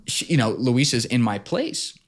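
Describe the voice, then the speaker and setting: A man as a podcast guest in casual chat, telling stories in an animated way, with plenty of swearing and acted-out quotes. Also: mid-range voice, moderate pace. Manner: animated, profane, acts out quotes.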